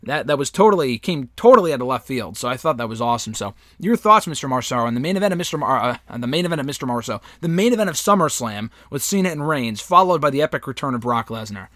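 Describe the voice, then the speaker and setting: A man's voice: mid-range voice, very animated, quick pace, few pauses, fairly bright tone, no echo, clean studio sound. A man hosting a casual wrestling review chat, giving his opinions and swearing casually. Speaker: podcast host.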